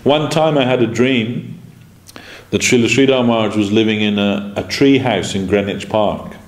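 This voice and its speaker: A man's voice: fairly low pitch, normal speed. A man giving an informal devotional class, telling anecdotes and acting out the quoted dialogue in them. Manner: storytelling, acts out quoted dialogue, chuckles. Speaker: spiritual teacher giving a class. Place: temple lecture room. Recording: echoey room, faint background noise.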